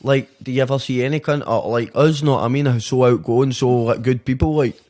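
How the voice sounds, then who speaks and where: A man's voice: mid-range voice, fairly quick, a little mellow. A young Glaswegian man chatting as a guest rapper on a podcast, swearing freely and rambling through lots of fillers. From Scotland. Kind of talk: casual podcast chat.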